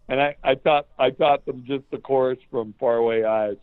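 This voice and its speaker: Guy guest telling stories, excitable and cussing a lot, thin phone-line sound, dead dry. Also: mid-range voice, moderate pace, smooth, dry recording. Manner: excitable, swears often. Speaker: guest musician. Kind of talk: casual storytelling.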